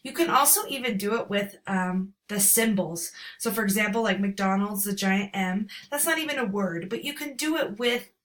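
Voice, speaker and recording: A woman's voice: medium pitch, moderate pace, few pauses, fairly bright tone. A woman in her thirties giving an upbeat lesson to parents, acting out letter sounds with exaggerated emphasis. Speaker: teacher. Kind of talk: instructional talk to parents.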